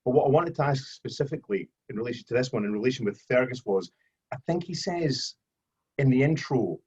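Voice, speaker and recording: A man's voice: mid-range voice, lively intonation, brisk, darkish tone, husky, muffled recording. A male author acting as guest interviewer, praising the book in a rambling lead-in before asking his question over a video call.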